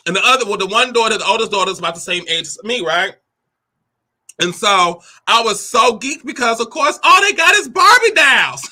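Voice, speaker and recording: A woman in her forties, hosting her own show, tells a personal story in a sassy, animated way. She laughs often, acts out the quoted lines and calls the listener "honey" and "baby". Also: fairly high pitch, moderate pace. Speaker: host. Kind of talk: candid personal storytelling monologue.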